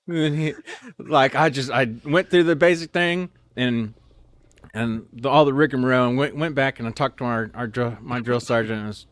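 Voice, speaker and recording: A man's voice: mid-range voice, normal speed, fairly bright tone, dry recording. Officer-candidate man, casual, laughing storyteller, dry recording. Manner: rambling, laughing, full of restarts and "like".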